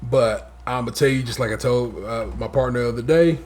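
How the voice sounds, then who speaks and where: A man co-hosting a podcast in casual chat, talking in animated, profane bursts and mocking the people he talks about. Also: medium pitch, fairly quick. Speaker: podcast co-host.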